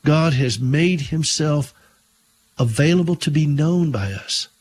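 A man's voice: fairly high pitch, expressive, measured pace, darkish tone. A middle-aged man hosting a Christian radio talk show, telling stories and preaching earnestly, often repeating words when emphatic.

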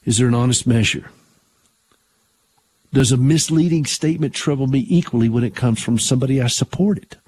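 Husky older man hosting talk radio. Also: mid-range voice, fairly quick, darkish tone. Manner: earnest, conversational, with frequent restarts. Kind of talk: conservative Christian talk radio.

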